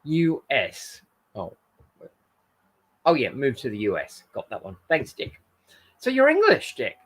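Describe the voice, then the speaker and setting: A man's voice: mid-range voice, wildly swooping pitch, unhurried, a bit bright, slightly rough. An Australian man hosting a casual livestream, reading viewer comments aloud and rambling in friendly chat.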